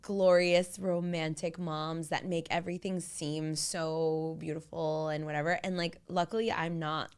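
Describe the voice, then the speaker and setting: A woman's voice: sits low, little pitch movement, a little slow, hardly any pauses, smooth. A woman in her thirties co-hosting a podcast in casual chat, talkative and filler-heavy, often quoting herself. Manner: chatty, quotes herself, frequent "like". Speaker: podcast co-host.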